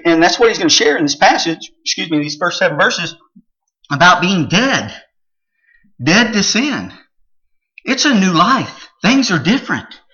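A man's voice: on the high side, bright, forceful tone, highs cut off. A man preaching a sermon, reading old-style Bible verses and explaining them in plain words, with frequent "uh" fillers. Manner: reads the old-style verses aloud, then restates them in plain talk. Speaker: pastor.

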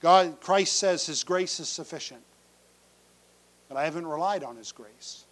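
High-voiced man preaching a folksy sermon. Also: a little slow. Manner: folksy storytelling with humor; builds to loud, emphatic pleading. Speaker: pastor.

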